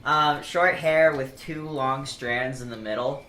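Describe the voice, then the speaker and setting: A woman describing her tabletop character in casual chat, halting with many ums and the odd curse. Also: rumbling low, fairly bright tone. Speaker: player. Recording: echoey room with background noise.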